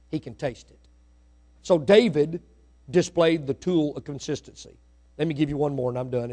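A middle-aged man preaching a sermon in church, swinging from hushed asides to loud, rising exhortation. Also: on the high side. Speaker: pastor. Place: church sanctuary.

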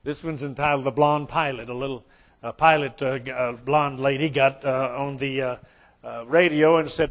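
Appalachian man, folksy guest preacher, joking then fervent, slightly high voice. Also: normal speed. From West Virginia. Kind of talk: folksy sermon with jokes.

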